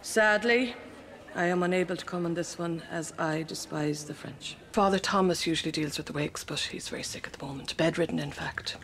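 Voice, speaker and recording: A woman playing a deadpan, withering nun. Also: fairly low pitch, fairly quick, a little hiss or hum, close to an everyday voice. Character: sardonic middle-aged nun headmistress. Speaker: school headmistress. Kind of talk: broadcast sitcom acting.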